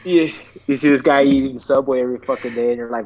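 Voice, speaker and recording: A man's voice: mid-range voice, fairly even intonation, fast talker, few pauses, darkish tone. A man in his thirties from Texas, a podcast guest telling a long story in casual chat and swearing freely as he rambles along. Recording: dry, slightly dull lo-fi sound.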